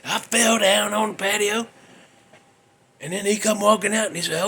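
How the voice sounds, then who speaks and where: A man's voice: high voice, fairly even intonation, moderate pace, sharp tone, slight background noise. A man hosting a podcast, telling a rambling comic story with folksy chuckles. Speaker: podcast host.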